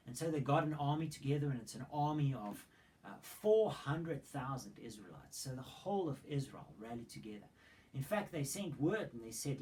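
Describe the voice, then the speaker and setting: A man's voice: medium pitch, animated, moderate pace, mellow, rough recording. A man preaching a sermon. He retells a Bible story dramatically and throws in rhetorical questions. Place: church hall.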